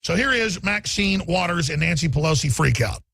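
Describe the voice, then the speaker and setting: A man hosting a talk radio show, his voice high-pitched, with gravel and a husky edge. He delivers rapid, mocking, emphatic commentary in a dry, close sound. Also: expressive, a bit bright, no echo. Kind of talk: political commentary.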